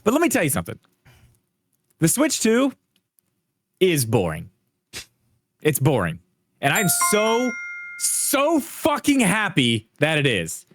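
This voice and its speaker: High, animated man ranting. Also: slow, pauses often. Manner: profane, ranting, emphatic. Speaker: podcast co-host. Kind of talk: casual opinionated chat.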